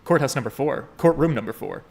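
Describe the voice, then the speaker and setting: A man's voice: medium pitch, lively intonation, fairly quick, creaky, darkish tone. A man giving casual, joking commentary while playing a game, swearing freely and talking to viewers. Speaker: let's play host.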